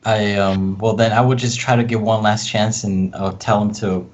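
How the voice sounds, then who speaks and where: Low-voiced man playing a tabletop game. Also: level tone, moderate pace, darkish tone. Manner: earnest, describes his actions. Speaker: player. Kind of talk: casual game chat. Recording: dull lo-fi audio with faint noise.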